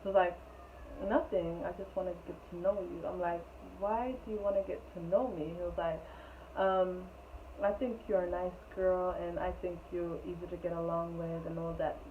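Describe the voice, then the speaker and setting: A woman's voice: lowish voice, fairly even intonation, moderate pace. A young woman chatting through a rambling storytime, laughing often as she tells it. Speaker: storytelling vlogger. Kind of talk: casual storytime. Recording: tinny phone-like sound with faint noise.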